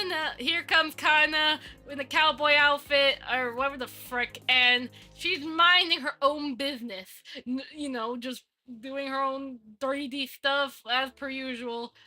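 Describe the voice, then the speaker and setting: A woman's voice: high voice, unhurried, few pauses, pushed and bright, soft background music. A woman live-streaming, rambling playfully and talking to herself while she works on a 3D model. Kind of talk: casual live-stream chat.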